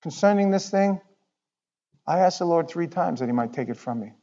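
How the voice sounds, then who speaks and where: Male pastor, fairly high voice, preaching in a chatty way with sudden loud bursts and hushed asides, dull lo-fi sound. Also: lively intonation, moderate pace. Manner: conversational, swings from loud outbursts to near-whispers. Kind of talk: sermon.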